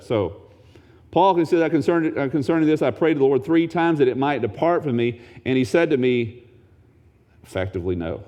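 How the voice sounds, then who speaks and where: Guy preaching a sermon, animated, jumps from quiet low stuff to high excited bits. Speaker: pastor.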